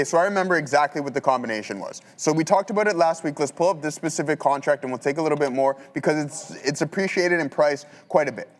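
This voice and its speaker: A man giving casual live market commentary as a trading show host, talking through trades with fillers. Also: fairly high pitch. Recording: long hall reverb.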